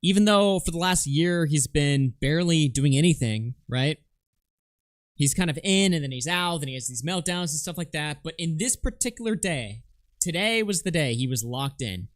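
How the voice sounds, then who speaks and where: A man commenting on a clip during a live stream, mocking the speaker and mimicking him in loud shrieks. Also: a little high, no room sound, clean studio sound.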